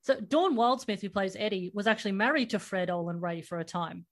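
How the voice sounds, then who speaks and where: A woman's voice: medium pitch, a little fast. A woman hosting a podcast, recapping a movie in casual chat and laughing often. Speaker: podcast host.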